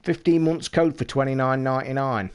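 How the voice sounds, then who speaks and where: A British man chatting casually on a live stream, talking to his viewers in an excitable, rushed way and swearing constantly. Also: mid-range voice, clear, resonant tone. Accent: British English. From United Kingdom.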